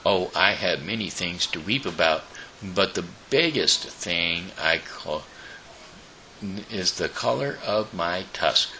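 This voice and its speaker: A gruff old rhinoceros from a children's storybook, angry at intruders and sorry for himself, as a man reads him out. The voice sits very low with a gravelly edge, yet swings widely as it complains. It talks slowly and heavily. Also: expressive, bright, forceful tone, slight background noise, exaggerated voice, poor audio. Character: old self-pitying male rhinoceros, angry and vain. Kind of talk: storybook read-aloud.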